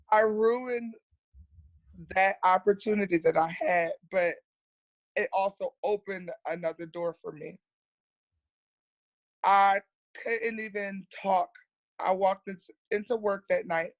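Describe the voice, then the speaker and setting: A woman's voice: medium pitch, steady tone, takes it slowly, pauses often, no echo, lo-fi sound. A woman, a nurse, talking as a podcast guest in a candid, earnest way and repeating words for emphasis. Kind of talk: candid personal storytelling.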